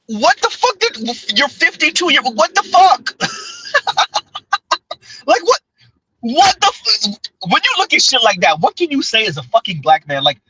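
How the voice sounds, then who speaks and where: A man's voice: very high-pitched, huge pitch swings, measured pace, pauses often, bright, forceful tone, breathy edge, dry recording, poor audio. A man hosting a podcast, ranting in casual commentary, profane and exasperated. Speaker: podcast host.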